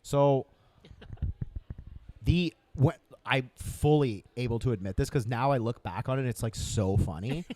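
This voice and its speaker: Dude rambling a story on a podcast, cursing, doing voices, dry close sound. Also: male voice, medium pitch, a little slow, dry recording. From Canada. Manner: animated, swearing, acts out voices in anecdotes. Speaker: podcast guest, comic and club owner. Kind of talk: casual chat, storytelling.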